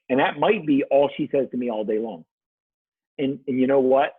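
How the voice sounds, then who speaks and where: A man's voice: mid-range voice, expressive, normal speed, pauses often, breathy edge, dry recording. A male guest coach telling stories in a reflective, casual way and acting out the voices he quotes. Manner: reflective storyteller who acts out quoted voices. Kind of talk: casual podcast conversation. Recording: dry, tinny phone-like line.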